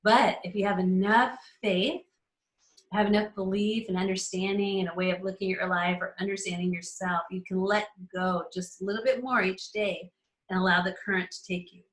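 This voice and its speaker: A woman's voice: mid-range voice, steady tone, moderate pace. Cheerful woman hosting in an echoey room. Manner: enthusiastic, laughs often, addresses members by name. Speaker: host of an astrology community call. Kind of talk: casual live teaching chat. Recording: roomy echo.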